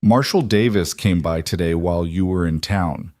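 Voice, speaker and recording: A man's voice: low-pitched, normal speed, dry recording, clean studio sound, close to an everyday voice. A man playing a solemn, weary frontier lawman. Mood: steady. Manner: steady and solemn. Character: weary, devoted former lawman and husband.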